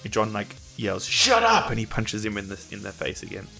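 Game master with a deep voice, steady and vivid narrator, casual delivery. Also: male voice, a little fast, gravelly, faint music behind.

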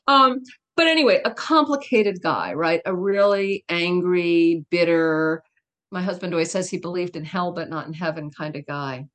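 A woman's voice: lowish voice, moderate pace. A middle-aged woman speaking as a guest in an interview, telling a personal story in a candid, emphatic way with laughs and asides.

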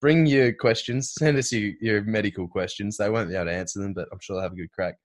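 Man, podcast co-host, somewhat low voice, excitable rambling chat. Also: quick pace. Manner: enthusiastic, rambling, swears casually. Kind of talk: casual chat.

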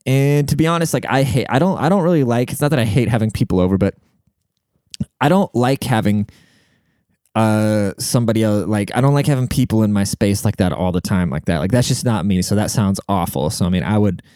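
A man's voice: fairly low pitch, fairly quick, dark tone, clear, resonant tone, no echo, studio quality. A man hosting a podcast in casual, rambling chat full of swearing and filler words, giving relationship advice. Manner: profane, rambling bro-talk with filler words. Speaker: podcast host and rapper.

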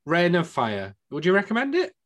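A man's voice: high voice, huge pitch swings, moderate pace, a bit bright. A man from England co-hosting a casual film review chat, dry and joking with British slang. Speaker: podcast co-host.

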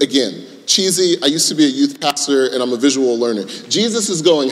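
A man's voice: mid-range voice, animated, fairly quick, hardly any pauses, big-room sound. A man preaching a sermon in a conversational storytelling manner, acting out the voices in his story. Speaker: pastor.

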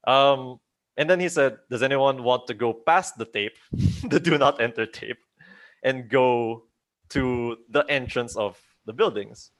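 A young man tells a spooky story to a group of friends, his voice sitting at an ordinary middle pitch. He talks casually, keeps throwing in "like", restarts his sentences, and slips into other voices to act out what people said. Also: a little slow. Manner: animated, acts out quoted voices, many likes and restarts. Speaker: storyteller on a group chat show.

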